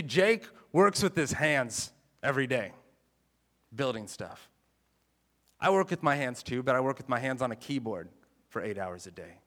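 A man preaching a sermon in a chatty, animated way, mixing jokes and scripture. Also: medium pitch, in a large hall. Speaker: pastor.

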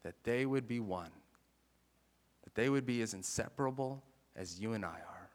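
A man preaching a sermon in a chatty, animated way, mixing jokes and scripture. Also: mid-range voice, normal speed, long reverb tail. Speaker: pastor.

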